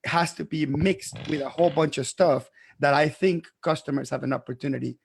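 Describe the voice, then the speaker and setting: A man's voice: fairly high pitch, fairly quick, creaky, a little hiss or hum. A man who grew up abroad, an accountant hosting a podcast, arguing his point emphatically and stumbling over restarts. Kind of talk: heated podcast debate.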